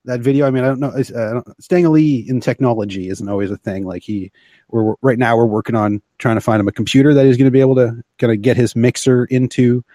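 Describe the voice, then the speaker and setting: Man, livestream host, middle pitch, rambling, playful, halting. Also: fairly even intonation, mellow, no room sound. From Canada. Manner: rambling, jokey, halting with many fillers. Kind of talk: casual live-stream chat.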